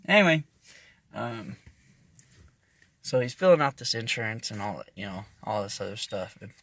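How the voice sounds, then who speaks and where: A man's voice: on the low side, expressive, moderate pace, fairly bright tone, no room sound. A man telling a rambling, profane story in a casual, self-interrupting way.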